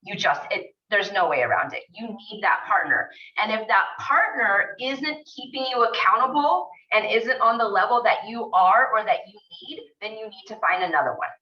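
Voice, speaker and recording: A woman's voice: medium pitch, normal speed, few pauses. Gushing woman on a lo-fi video call. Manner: emphatic, gushing, repeats for stress. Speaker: team leader hosting a mentor call. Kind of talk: motivational group video call. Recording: distant, dull lo-fi video call audio.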